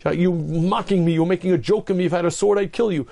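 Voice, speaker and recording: A man's voice: high-pitched, fairly even intonation, quick pace, creaky, mellow, voice pushed up. A man voicing an arrogant sorcerer who angrily scolds and threatens his donkey. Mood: furious. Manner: angry, scolding.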